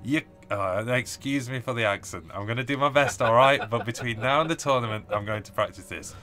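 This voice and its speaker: A man's voice: medium pitch, normal speed, pushed and bright, soft background music. Chatty man reading out live chat. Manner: chatty, laughs often, reads viewer comments aloud. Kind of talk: casual live-stream chat.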